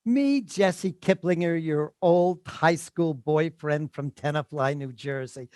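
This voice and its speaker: A woman playing a smooth, coaxing male producer. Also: low-pitched, slow pace, dark tone, no echo, studio quality. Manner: eager, coaxing, persuasive. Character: charming male Hollywood producer, smooth old flame. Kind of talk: stage play read aloud.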